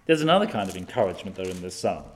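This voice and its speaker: A man's voice: deep voice, sing-song, rapid-fire. A man preaching a sermon, posing rhetorical questions with occasional fillers.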